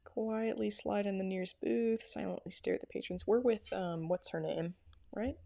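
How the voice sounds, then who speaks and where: A woman's voice: medium pitch, normal speed, vocal fry, dark tone. A woman hosting a let's play, casually commenting and reading game text aloud in a playful, chatty way. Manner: playful, chatty, reacts with frequent laughs. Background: game background music.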